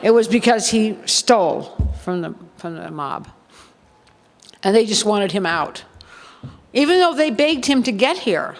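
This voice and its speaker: In a reverberant hall, an older woman who was once a showgirl tells blunt stories at a seminar, laughing often and performing the voices she quotes. Her mid-range voice is animated and a little slow.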